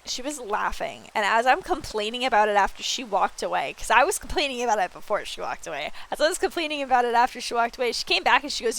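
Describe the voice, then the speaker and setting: A woman streamer chatting casually while she plays a building game, telling stories with animated, excited quoted reactions and swearing freely. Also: a little high, fast, gravelly, hardly any pauses. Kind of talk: casual chat while gaming.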